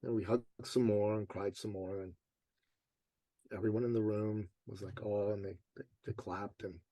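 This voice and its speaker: A man's voice: fairly low pitch, moderate pace, no room sound. A man being interviewed as a motivational coach, telling stories casually and acting out what people said. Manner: animated storyteller, acts out quotes.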